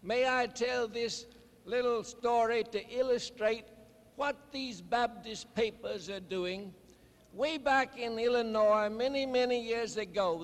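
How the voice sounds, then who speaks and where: A man preaching a sermon, telling stories in a deliberate, emphatic way. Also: very high-pitched. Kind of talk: sermon address. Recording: long hall reverb.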